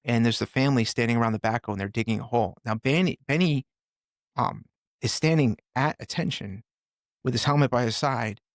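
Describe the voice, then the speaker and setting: An earnest middle-aged man tells his story in a gravelly voice, stopping and starting as he goes. He sits close to the mic, with a dry sound. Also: medium pitch, no echo. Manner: earnest, halting, with many restarts. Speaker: podcast guest, firefighter and author. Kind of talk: storytelling in a conversation.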